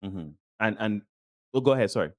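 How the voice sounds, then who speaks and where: A man's voice: on the low side, lively intonation, fairly quick, a little mellow. A man hosting a casual podcast panel chat, asking long rambling questions with many restarts. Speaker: podcast host.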